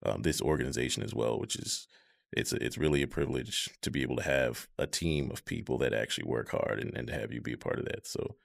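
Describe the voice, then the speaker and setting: A man in his thirties in a casual conversation, talking in a measured, reflective way with many fillers. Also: extremely low pitch, gravelly. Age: 30s.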